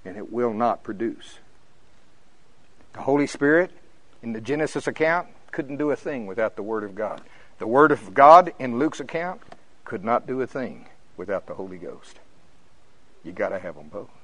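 A man's voice: normal speed, pauses often, dry recording, poor audio. Fervent older preacher man. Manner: fervent, preachy, rising to high excited peaks when telling stories. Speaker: pastor. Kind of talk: sermon.

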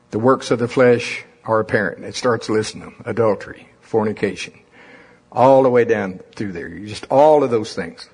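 A pastor delivering a sermon with impassioned, rising-and-falling preaching. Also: male voice, medium pitch, a little mellow, husky.

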